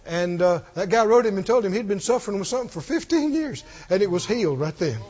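A male preacher with a strikingly high voice that swings up and down. He preaches emphatically and keeps putting questions to the congregation. The recording sounds dull and lo-fi. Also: animated, fast talker, a little mellow. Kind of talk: sermon.

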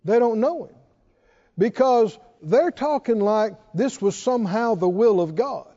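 A man's voice: high-pitched, lively intonation, a little slow, warm tone. A male pastor preaching a sermon, calling on the congregation to answer back. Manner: call-and-response preaching, asks the congregation to answer. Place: church sanctuary. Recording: echoey hall, dull lo-fi sound.

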